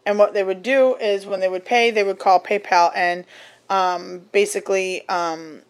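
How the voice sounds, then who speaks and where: A woman's voice: medium pitch, steady tone, moderate pace, clear, resonant tone. A young woman chatting casually, telling rambling restaurant stories with swearing and lots of fillers. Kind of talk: casual podcast chat.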